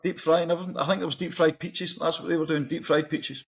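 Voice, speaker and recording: A middle-aged Scottish man, a podcast guest, chatting casually and telling animated stories. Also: fairly high pitch, fast, vocal fry. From Scotland. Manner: storytelling, animated anecdotes. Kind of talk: casual chat.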